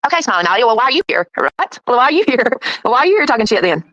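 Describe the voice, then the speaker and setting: A woman's voice: fairly high pitch, big pitch swings, racing, fairly bright tone, dry recording, highs cut off. A woman hosting a casual livestream chat, taunting and mocking her critics and laughing often. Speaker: livestream host.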